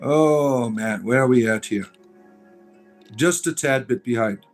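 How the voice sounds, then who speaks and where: A man's voice: mid-range voice, takes it slowly. Rambling male livestream host, faint music. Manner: rambling, many fillers, reads viewer comments aloud. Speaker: livestream host reading chat. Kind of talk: casual livestream chat.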